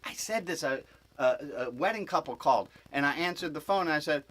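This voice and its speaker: A man's voice: mid-range voice, a little fast, fairly bright tone, low-quality recording. A man who is a rabbi, giving an informal spiritual teaching to a group as a rambling storyteller who corrects himself with asides.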